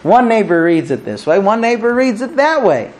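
A man with a fairly high voice leads a Talmud class, telling stories and working through questions. His delivery is animated, with big swings of intonation and casual restarts and fillers. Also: normal speed. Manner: animated, storytelling with vivid intonation. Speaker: Torah teacher.

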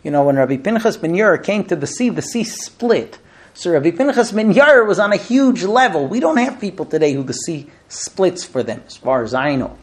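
A man teaches a Talmud class in an animated way, playing out exchanges between people to make his points. His pitch is lively and swings widely, rising high when he gets worked up and dropping low and quiet as he sums up. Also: normal speed. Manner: animated, acts out dialogues.

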